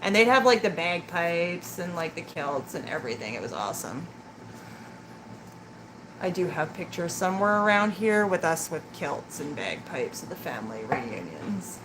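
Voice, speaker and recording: Laughing often, a tarot reader teases and chats with her live-stream audience during a reading. She speaks at a moderate pace in a lowish, very animated voice, with background noise clearly present.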